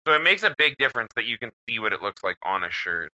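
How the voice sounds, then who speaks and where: Profane joking man, bright voice. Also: medium pitch, big pitch swings, quick pace. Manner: profane, joking, mocks a thick Canadian voice. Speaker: podcast co-host. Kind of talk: casual chat. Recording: slightly dull audio with faint noise.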